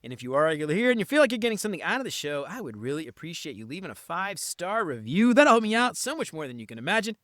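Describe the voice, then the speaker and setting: A man's voice: high voice, very animated, racing, few pauses, fairly bright tone, no echo, clean studio sound. A man hosting a podcast, enthusiastic and upbeat, with casual slang. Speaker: podcast host. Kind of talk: casual interview chat and show promo.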